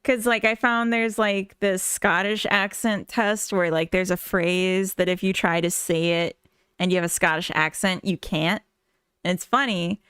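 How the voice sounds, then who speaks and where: A woman's voice: medium pitch, steady tone, measured pace, a bit bright, smooth, dry recording, studio quality. A Minnesotan woman chatting casually with viewers on a live stream, rambling and giggling often. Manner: giggly, rambling, full of fillers. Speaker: live-streaming game developer.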